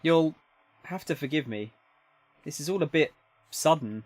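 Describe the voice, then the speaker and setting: A man's voice: on the high side, animated, a little slow, darkish tone, no echo. A man voicing a flustered young male researcher who hesitates and stammers.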